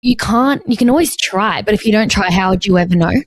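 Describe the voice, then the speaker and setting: A woman's voice: mid-range voice, fast, no room sound. Chatty woman, dry close sound. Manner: chatty, heavy use of "like". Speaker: podcast co-host. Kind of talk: casual podcast chat.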